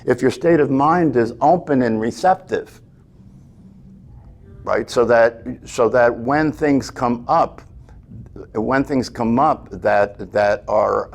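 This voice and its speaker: A man's voice: mid-range voice, vocal fry, darkish tone. A man teaching a meditation class, talking earnestly, often checking in with "right?" and restarting his phrases.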